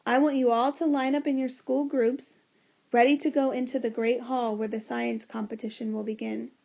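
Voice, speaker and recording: A woman's voice: a little high, level tone, normal speed, gravelly, a little mellow. A woman voicing a stern, weary male schoolteacher with a commanding, exasperated manner in a storybook reading.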